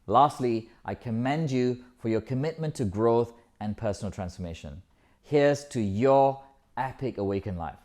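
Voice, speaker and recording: A man's voice: medium pitch, expressive, moderate pace, darkish tone. A man giving a talk as a yoga teacher, emphatic, building rhythmic lists and swearing casually. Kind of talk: live motivational talk. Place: yoga festival talk, indoors.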